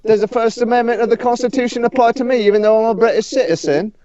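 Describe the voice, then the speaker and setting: A man putting on a fast, pompous voice as an indignant young British man demanding his rights. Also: extremely high pitch, pitched above the performer's own voice. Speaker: panelist. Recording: muffled lo-fi audio with crowd noise.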